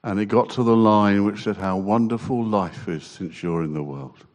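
A man giving a halting, emotional personal testimony to a church congregation. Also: lowish voice, a little mellow. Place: church hall. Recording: long church reverb.

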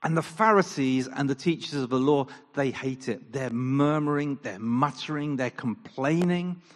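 A man preaching a sermon in an animated style, firing off rhetorical questions and acting out quoted lines. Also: medium pitch, moderate pace. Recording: long reverb of a large hall.

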